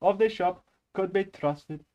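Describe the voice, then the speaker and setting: A theatrical, sing-song Indian English accent, which a man puts on to read prose aloud. It sits noticeably higher and louder than his everyday voice. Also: unhurried, lo-fi sound. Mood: playful. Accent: put-on Indian English. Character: man reading narration in a put-on Indian accent.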